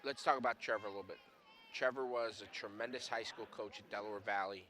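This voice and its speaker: A man's voice: fairly low pitch, fairly even intonation, fast talker, sharp tone. A man who coached before, giving color commentary on a basketball game in an emphatic, teaching way and repeating his key points.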